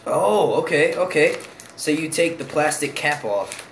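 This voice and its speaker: A man's voice: fairly high pitch, animated, a little slow, slight background noise. A young man from Philadelphia, hosting his own channel and chatting casually, profane and rambling, laughing often. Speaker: YouTube channel host. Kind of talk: casual live stream chat.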